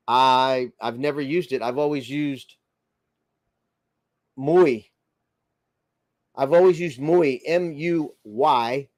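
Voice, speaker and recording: A friendly American man hosts a casual livestream, reading out comments and greeting viewers one by one. His voice sits a little higher than most men's. It sounds dry and close, with no room echo. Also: a little mellow. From United States. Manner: friendly, chatty, greets viewers by name and muses aloud. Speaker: livestream host.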